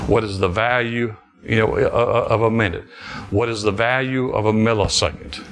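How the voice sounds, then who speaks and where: A man's voice: on the low side, fairly bright tone. A middle-aged man preaching a fervent sermon, repeating phrases and restarting as he declares healing. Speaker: pastor.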